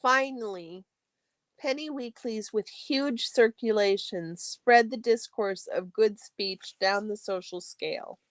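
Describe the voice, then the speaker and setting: Woman host reading study text aloud, measured pace, phrase ends fading to a whisper, dry close sound. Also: mid-range voice, no echo. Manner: steady, measured reading with a few restarts, phrase ends trailing into a soft whisper.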